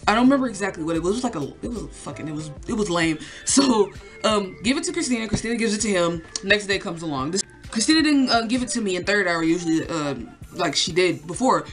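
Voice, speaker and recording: A woman's voice: mid-range voice, animated, fast talker. Young woman, casual storytime vlog, rambling, lots of swearing and fillers, faint music underneath. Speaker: vlogger.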